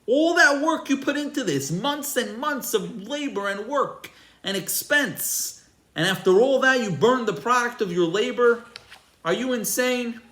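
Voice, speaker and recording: A rabbi putting on a frantic city visitor, high and shrill. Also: male voice, expressive, unhurried, heavily acted. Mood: outraged. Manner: shrill and incredulous, shouting questions. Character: frantic bewildered city visitor, male adult. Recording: roomy echo.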